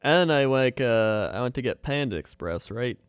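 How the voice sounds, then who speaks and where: A laid-back man with a mid-pitched voice that rises and falls a lot, co-hosting a podcast in casual chat. He giggles easily as he tells stories. The sound is dry and close to the mic. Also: lively intonation, moderate pace, smooth, no echo. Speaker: podcast co-host.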